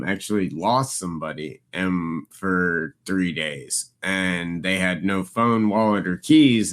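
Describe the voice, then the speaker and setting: A man co-hosting a podcast, telling stories casually and acting out the people he quotes. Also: low voice. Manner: animated storyteller, acts out quoted people in a raised voice. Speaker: podcast co-host.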